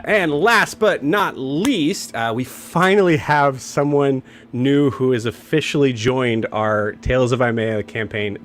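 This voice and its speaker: A man hosting a game stream, casually announcing campaigns and rambling with many filler words and restarts. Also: fairly low pitch. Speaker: game master and show host.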